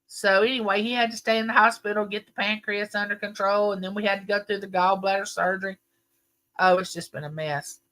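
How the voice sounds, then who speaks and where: Speaking at a fairly quick clip with a medium-pitched voice, this middle-aged livestream host casually shares a lengthy family tale with her viewers. She's an emphatic, lively storyteller.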